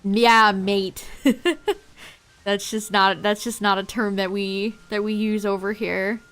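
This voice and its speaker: A woman's voice: medium pitch, level tone, a little slow, a bit bright, smooth, soft background music. A young woman streaming a game, chatting playfully and giggling often. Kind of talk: casual chat while streaming a game.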